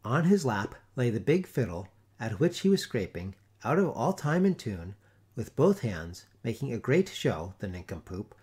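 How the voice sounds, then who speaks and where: A man reading a classic tale aloud in a theatrical, expressive storytelling manner. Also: mid-range voice, unhurried, husky. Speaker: audiobook narrator. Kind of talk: scripted story narration.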